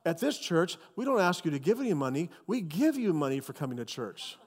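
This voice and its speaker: A man's voice: on the high side, sing-song, brisk, breathy edge, in a large hall. A man doing a cheerful joking pastor. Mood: playful. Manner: playful, upbeat.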